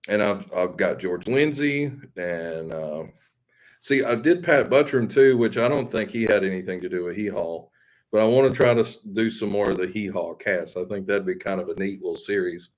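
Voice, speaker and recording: A man's voice: sits low, normal speed. A man with a Southern accent, hosting a live stream and chatting casually with viewers in a rambling, folksy, self-deprecating way. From Mississippi.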